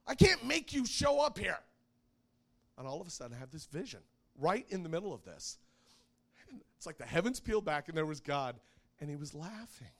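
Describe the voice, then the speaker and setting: A man in his thirties preaching, telling family stories with lots of laughter and getting loud when he acts out scenes. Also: a little high, a little fast. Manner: animated storyteller who laughs often and gets loud when acting out scenes. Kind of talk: sermon with personal stories.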